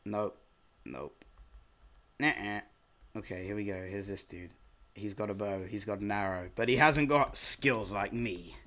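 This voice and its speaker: A young man giving casual gameplay commentary as host of his channel, excitable and quick to yelp in frustration. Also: lowish voice.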